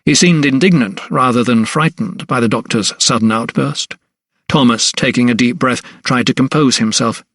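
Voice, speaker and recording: A male audiobook narrator with a mid-pitched voice, telling a period mystery in a measured, even way. The recording is dry and close, with no room sound. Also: no room sound. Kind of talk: scripted narration.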